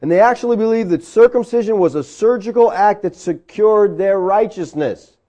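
A man's voice: sits high, normal speed, mellow. A man preaching a sermon, conversational and full of rhetorical questions. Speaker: pastor.

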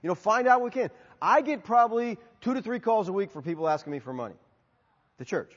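A male pastor answers questions from the pulpit, his pitch rising and falling as he tells stories and plays every part himself. His voice is high and a little husky. It rings out into a big reverberant hall on a dull, muffled recording. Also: fast. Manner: animated storytelling, acting out both sides of dialogues. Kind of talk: sermon Q&A.

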